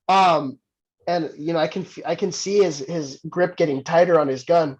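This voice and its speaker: A man from Southern California, a pro wrestler guest, telling a story in casual chat, animated, laughing often and restarting his sentences. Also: on the high side, a little fast. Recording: muffled lo-fi sound.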